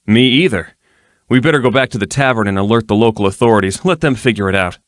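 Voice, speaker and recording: A man voicing a young nobleman in a fantasy audiobook, a breezy dandy who speaks in a wry, lightly ironic way. The voice sits a little higher than the reader's own, in a close, dry recording. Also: fast, no room sound, natural voice. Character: young male nobleman, casual witty dandy.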